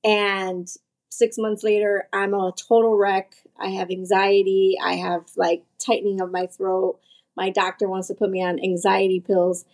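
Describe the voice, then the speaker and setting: A woman guest telling a personal story on a podcast in a lively, animated way, with frequent "like" fillers and voices for the people she quotes. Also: mid-range voice, measured pace.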